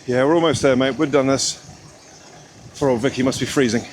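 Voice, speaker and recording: A man's voice: mid-range voice, a little fast, slight background noise. A man vlogging outdoors in the snow, chatty and reassuring as he gives directions. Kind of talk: casual vlog chat.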